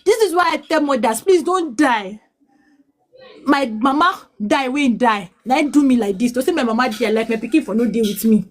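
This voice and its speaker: High-voiced Nigerian woman pleading her story. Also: expressive. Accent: Nigerian English with Pidgin. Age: 30s. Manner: pleading, switches between English and Pidgin, halting restarts. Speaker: mother telling her life story. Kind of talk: emotional personal testimony.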